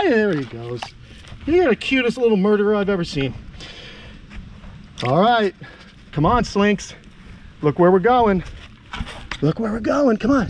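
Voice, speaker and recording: A man vlogging outdoors, coaxing a big lizard along in a sing-song voice and talking excitedly to his viewers. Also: high voice, slight background noise. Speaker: reptile keeper vlogger. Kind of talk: excited outdoor vlog narration. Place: outdoors on a property.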